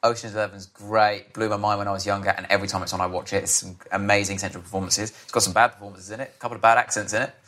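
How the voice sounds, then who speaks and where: Low-voiced young man chatting casually. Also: steady tone, very fast, hardly any pauses, sharp tone. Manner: rambling, self-interrupting, laughs often. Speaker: podcast guest. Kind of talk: casual chat.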